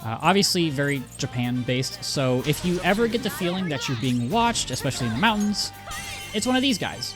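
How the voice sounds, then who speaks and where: A man's voice: a little high, sing-song, brisk. A man giving casual let's-play commentary, chatty and rambling, often cutting himself off and laughing. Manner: chatty, rambling, self-interrupting, laughs easily. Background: game music.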